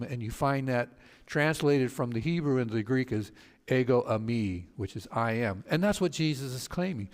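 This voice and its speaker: A male pastor retells scripture stories for a study group at a middle pitch. He pauses and restarts often with fillers and shifts his voice to act out the people he quotes. A long reverb trails his words. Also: expressive. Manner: storytelling, halting with fillers and restarts; acts out quoted speakers with voice changes. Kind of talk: Bible study teaching.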